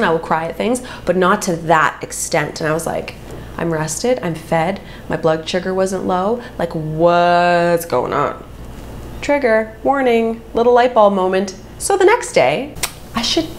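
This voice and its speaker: A woman in her thirties chatting casually to camera as she tells a personal story, animated and expressive, jumping high in pitch when she acts out quotes. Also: slight background noise. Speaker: vlogger.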